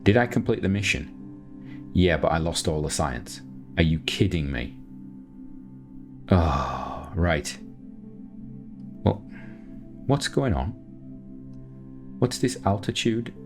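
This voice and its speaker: A man's voice: deep voice, expressive, takes it slowly, pauses often, over music. A man giving chatty, self-mocking commentary while he plays, thinking aloud with many restarts. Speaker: gameplay commentator. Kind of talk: casual gameplay commentary.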